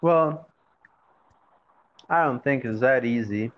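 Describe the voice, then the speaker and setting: A man chatting casually with a friend, laid-back and heavy on fillers. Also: medium pitch. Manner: laid-back, drawn-out speech with many fillers. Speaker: friend on a call. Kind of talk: casual chat. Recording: dull lo-fi sound with faint noise.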